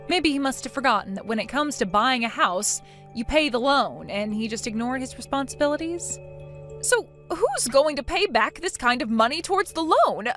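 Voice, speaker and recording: A woman with a high, very lively voice reads a heated family argument aloud, sharp and mocking. Her pitch swings widely from line to line. Faint music plays beneath her. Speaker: reader voicing both sides of a text-message argument. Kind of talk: scripted story reading.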